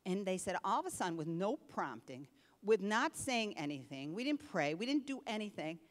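An older woman delivers a lively sermon from the pulpit, her voice dropping to a near hush and then rising with force. The sound carries a long reverb from the church hall around her. Her pitch sits in an ordinary middle range for a woman. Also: moderate pace. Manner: animated preaching, swinging between hushed and forceful. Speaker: pastor. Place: church sanctuary.

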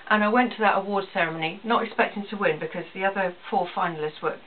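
A woman's voice: mid-range voice, quick pace. Business woman doing a vlog, earnest, kinda far from the mic, tinny sound with hiss. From England. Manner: earnest and emotional, repeats phrases. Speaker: small business owner vlogging. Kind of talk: personal vlog to camera. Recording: tinny phone-like audio, distant, faint hiss.

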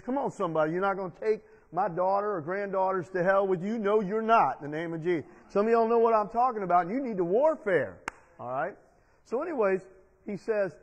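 A man's voice: high voice, lively intonation, fairly quick, long reverb tail. A man preaching a sermon as pastor, calling out to the congregation for responses as he retells a Bible story. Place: church sanctuary.

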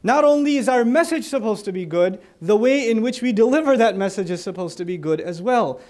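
High-voiced man giving a lively religious lecture. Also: brisk. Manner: animated, acts out little dialogues, joking asides. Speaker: Islamic speaker.

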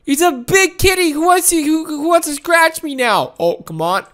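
High-pitched lady gamer chattering over gameplay, super giggly and excitable, voice jumps all over. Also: moderate pace. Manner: giggly and excitable, frequent laughs and exclamations. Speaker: gameplay commentator. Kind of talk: excited let's-play commentary.

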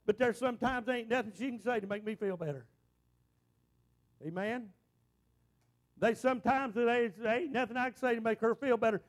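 A man's voice: very high-pitched, normal speed, pauses often. A middle-aged man preaching a folksy, exclamatory sermon to his church congregation, often repeating himself. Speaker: pastor. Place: church sanctuary.

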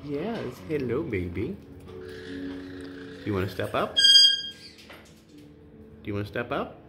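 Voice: medium pitch, sing-song, slow pace. Cooing sing-song bird keeper over music. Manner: sing-song cooing baby talk to birds, asides to viewers. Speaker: bird sanctuary caretaker. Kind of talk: casual vlog, talking to pet parrots. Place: indoor bird room. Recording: loud music playing behind.

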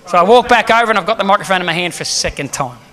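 Bright-voiced, animated male preacher. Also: high voice, racing. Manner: animated storytelling that acts out the quotes. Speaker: guest preacher. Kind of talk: sermon.

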